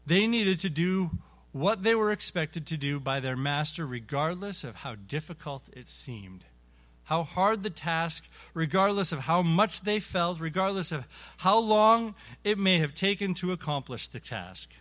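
A man with a high voice teaches an adult Bible class. He often stumbles and repeats words as he talks, and he chuckles while acting out everyday scenes to make his point. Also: animated, a bit bright. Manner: halting, repeats words, chuckles through illustrations. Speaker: Sunday school teacher.

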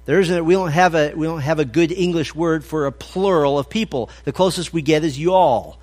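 A man's voice: fairly high pitch, a little fast, darkish tone. A man preaching an expository sermon, conversational and emphatic as he quotes scripture. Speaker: pastor.

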